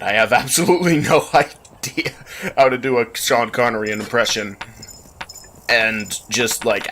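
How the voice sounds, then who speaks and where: A man's voice: lowish voice, bright, forceful tone, a little hiss or hum. A young man chatting casually over gameplay, rambling with frequent laughs and restarts. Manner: rambling, giggly, self-interrupting. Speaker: gameplay commentator. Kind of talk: casual let's play chat.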